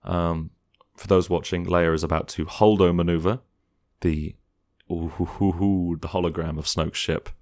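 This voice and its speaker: A deep-voiced man talks loosely through a movie as he watches it. His delivery is chatty and informal, and now and then he slips into a mocking voice to quote critics. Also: little pitch movement, normal speed, a little mellow. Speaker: film commentator. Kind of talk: casual film commentary.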